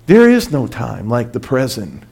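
A man preaching a sermon, emphatic, swinging from loud exclamations to hushed, drawn-out lines. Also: mid-range voice, wildly swooping pitch, creaky, slightly rough.

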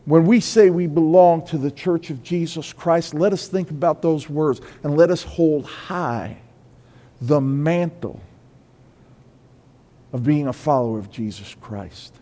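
A pastor preaching a sermon in a church, moving between quiet confession and loud, high-pitched exhortation. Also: male voice, a little slow, big-room sound. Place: church sanctuary.

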